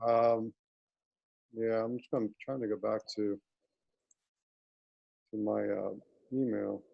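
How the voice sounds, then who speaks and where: A man's voice: on the low side, fairly even intonation, slow, vocal fry, muffled recording. A man in his forties, an interview guest telling long, rambling personal stories in a casual, earnest way over a video call. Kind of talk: casual conversation.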